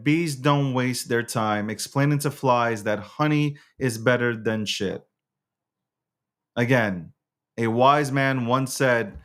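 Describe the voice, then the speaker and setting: A man hosting his own casual livestream show, rambling and profane, quick to get worked up. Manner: rants loudly with sharp pitch jumps. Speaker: host.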